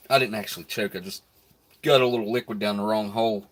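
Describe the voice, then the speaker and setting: A man's voice: fairly low pitch, steady tone, quick pace, a little hiss or hum. Laid-back man on a live stream. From United States. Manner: laid-back, chuckles often, talks between bites. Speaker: live stream host reviewing rations. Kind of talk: casual live stream chat while eating.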